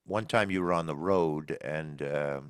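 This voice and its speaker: A man's voice: rumbling low, measured pace, clear, resonant tone, no room sound, studio quality. A man hosting a casual interview, asking curious, prodding questions. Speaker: interview host.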